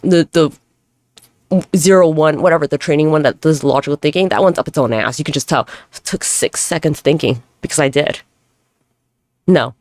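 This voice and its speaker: A woman's voice: low-pitched, moderate pace, pauses often, darkish tone, dry recording. A woman hosting a casual solo podcast, rambling and swearing freely as she mocks herself. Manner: rambling, profane, self-mocking. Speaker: podcast host.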